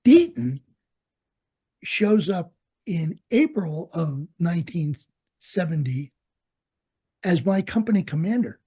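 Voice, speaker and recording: Older man telling a war story, mellow and husky. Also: a little high, slow, long pauses. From United States. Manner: animated storyteller, acts out quoted dialogue, laughs often. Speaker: interviewee, Vietnam veteran pilot. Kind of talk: storytelling in an oral history interview.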